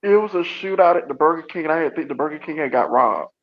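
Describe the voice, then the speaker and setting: A man joining as a guest commentator, telling stories in a halting, rambling way. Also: fairly high pitch. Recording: dull lo-fi sound.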